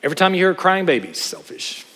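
Middle-aged male preacher, higher voice, lively and joking, recorded in a big echoing hall. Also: quick pace, a little hiss or hum. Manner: animated, joking asides, rhetorical questions. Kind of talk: sermon. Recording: hall with long reverb.

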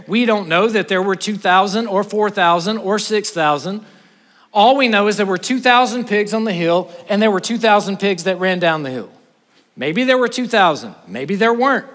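A male pastor preaching a sermon, telling the story with animation and swinging from loud passages to hushed ones. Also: high-pitched. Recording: reverberant hall.

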